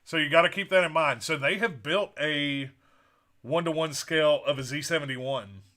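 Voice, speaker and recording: Bright-voiced man chatting on a stream. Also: on the high side, normal speed. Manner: easygoing, reads chat comments, rambling asides. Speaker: co-host of a building live stream. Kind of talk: casual live-stream chat.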